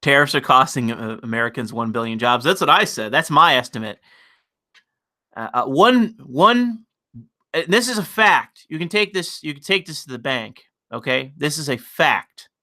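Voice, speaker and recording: A man's voice: mid-range voice, animated, normal speed, sharp tone. Brash, profane male streamer. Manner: profane, rambling, mocking. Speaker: livestream host. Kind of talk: casual ranting commentary.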